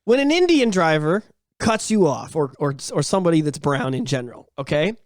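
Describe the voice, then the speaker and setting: A man co-hosting a casual podcast, ranting in a crude, animated way and jumping into loud quoted voices. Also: fairly high pitch, fairly quick. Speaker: podcast co-host.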